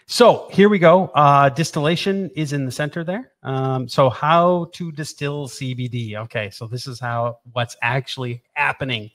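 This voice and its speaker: A man of ordinary middle pitch walks a listener through a technical drawing in a loose, talkative way. He repeats words for effect and slips in playful asides. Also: normal speed, hardly any pauses, fairly bright tone. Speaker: presenter explaining equipment. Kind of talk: casual technical explanation over drawings.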